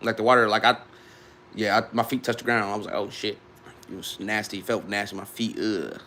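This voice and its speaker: A man's voice: on the low side, steady tone, fast, bright, forceful tone, slight background noise. A young man in his twenties from Ohio, rambling casually to his live-stream viewers with loose restarts. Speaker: livestreamer.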